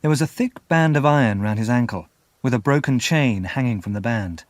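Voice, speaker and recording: A man giving scripted storybook narration for English learners, clear and measured. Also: mid-range voice, dry recording. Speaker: audiobook narrator.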